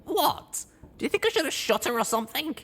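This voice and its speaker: A woman's voice: fairly high pitch, huge pitch swings, normal speed, a bit bright, slightly rough, exaggerated voice. A woman voicing a tough, blunt young mare who speaks with dry sarcasm in an audiobook. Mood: wry. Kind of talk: audiobook character voice.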